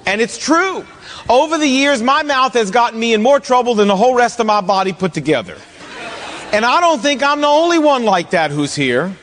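Male pastor, high voice, humorous self-mocking storyteller, sermon in a reverberant hall. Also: fairly bright tone.

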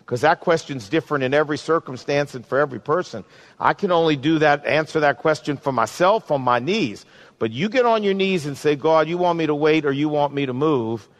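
A man, a pastor, preaching a sermon and then leading a slow, pleading prayer. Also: a little high, animated. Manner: earnest, pleading, slows for emphasis.

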